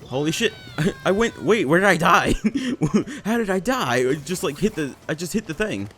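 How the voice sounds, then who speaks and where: A man giving casual let's play commentary, excitable and self-mocking, swearing and laughing often into a desk microphone. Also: high-pitched, moderate pace, faint music behind. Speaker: gameplay commentator.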